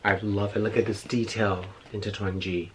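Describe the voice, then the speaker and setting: A man's voice: lowish voice, level tone, normal speed, a little hiss or hum. A middle-aged man, chatting effusively while unboxing gifts, a little out of breath. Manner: gushing, effusive, repeats himself. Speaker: beauty vlogger. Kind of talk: casual unboxing chat.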